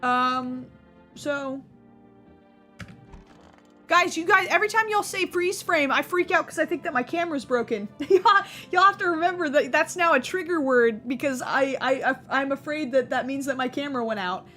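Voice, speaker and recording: Speaking at normal speed, a young woman streams a game and offers casual let's-play commentary, joking and fixing her own slips. Her high voice is bright and forceful, set against soft background music.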